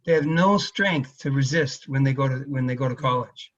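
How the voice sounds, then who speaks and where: A man's voice: mid-range voice, normal speed. A man in a casual conversation speaking with emphatic concern. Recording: distant and dull.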